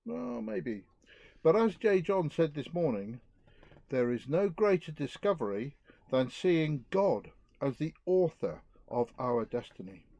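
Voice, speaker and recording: Earnest man giving a lively talk. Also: fairly high pitch, creaky, dry recording, muffled recording. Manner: earnest, lively, pauses to reflect. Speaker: youth speaker. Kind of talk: outdoor youth talk. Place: outdoors.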